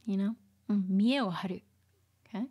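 A woman teaching vocabulary in a casual livestream lesson, softly mixing Japanese and English and laughing often. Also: medium pitch, fairly quick, slightly rough.

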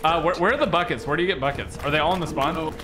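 Higher-voiced man leading a game session. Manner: directs the team, quick laughs. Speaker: host. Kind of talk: casual co-op gameplay commentary. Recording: noisy background.

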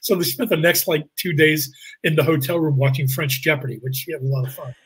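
Husky, animated male actor telling stories. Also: fairly high pitch, fast talker, low-quality recording. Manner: animated, acts out quotes in voices. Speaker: guest actor and improviser. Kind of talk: anecdotal interview storytelling.

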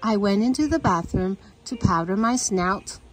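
A woman's voice: mid-range voice, normal speed, natural voice, poor audio. A woman reading aloud, voicing an upset female hotel guest crying out about her lost ring. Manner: excited, crying out.

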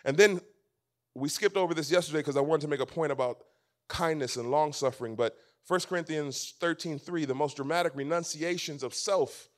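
This slightly high male voice belongs to a pastor preaching at a church camp meeting. His delivery shifts between booming emphasis and near-whispers, and he keeps repeating his key phrases.

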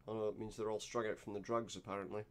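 A man's voice: fairly low pitch, little pitch movement, fast talker. A man giving gameplay commentary, reading game text aloud with dry, sarcastic asides. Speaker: let's play host.

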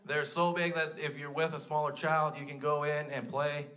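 A man's voice: on the high side, steady tone, normal speed. Crude, exasperated stand-up comedian man. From Canada. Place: comedy stage before a live audience. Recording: live show with audience noise. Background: audience laughter.

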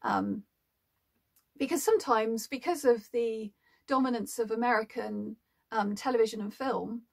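A woman talks casually to camera about her work as an audiobook narrator. Her voice sits a little high and carries a gravelly, fry-tinged edge. She is chatty and reflective, pausing often with ums as she thinks. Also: darkish tone. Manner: chatty and thoughtful, with frequent ums. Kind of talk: casual explanatory talk to camera.

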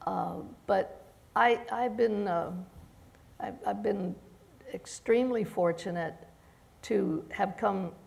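A woman judge speaking on a panel, halting with many restarts and fillers, who came to the country as an immigrant. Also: medium pitch, vocal fry, darkish tone. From immigrant to the United States. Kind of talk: panel discussion.

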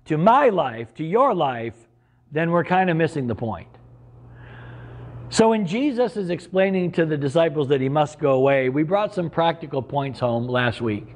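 A man's voice: a little high, lively intonation, normal speed. A middle-aged man preaching a sermon as pastor, earnest and conversational, with sudden emphatic rises.

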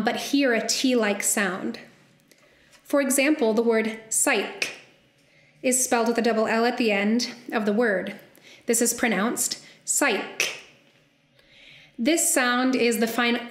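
A woman's voice: fairly high pitch, echoey room. A young woman, a soprano, giving an academic lecture and carefully spelling out sounds as she explains.

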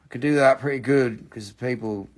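A man hosting a live sales stream from his home, with rushed, joking sales patter. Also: mid-range voice. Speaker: live-stream seller of rocks and jewelry.

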